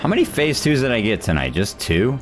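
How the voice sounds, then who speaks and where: A man's voice: mid-range voice, very animated, brisk, music in the background. A man streaming a hard boss fight, muttering, swearing and venting frustration as he plays. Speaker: gaming streamer. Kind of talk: live gameplay commentary.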